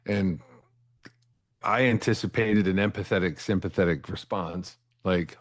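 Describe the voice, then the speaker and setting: A middle-aged interview guest recounts his life candidly and earnestly in a deep, unhurried voice. He tends to repeat words at the start of a thought and asks "right?" after making a point.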